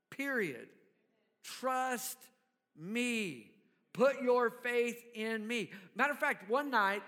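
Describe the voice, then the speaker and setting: A man's voice: high-pitched, sharp tone. A male pastor preaching a sermon in a conversational way, often checking in with the congregation. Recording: long hall reverb.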